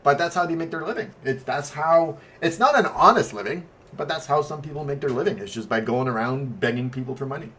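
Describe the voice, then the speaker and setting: A man's voice: a little high, brisk, hardly any pauses, pushed and bright. A native French-speaking man co-hosting a podcast, telling rambling stories in casual chat with blunt talk and swearing. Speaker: podcast co-host.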